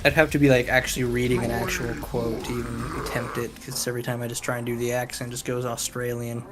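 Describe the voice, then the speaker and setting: A man's voice: mid-range voice, completely flat delivery, fast. Goofy guy on a gaming call, pokes fun at himself, faint music behind. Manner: playful, self-mocking. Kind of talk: casual gaming chat.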